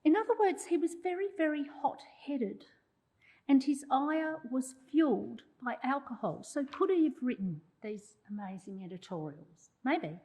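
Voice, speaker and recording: A woman with a high, sing-song, mellow voice speaks a little slowly on a low-quality recording. She is a journalism historian giving a prepared public lecture, an oration with wry asides to the audience.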